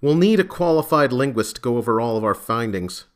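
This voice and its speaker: A man's voice: mid-range voice, lively intonation, brisk, natural voice. A man voicing a tired male federal agent in an audiobook, speaking in a terse, clipped way.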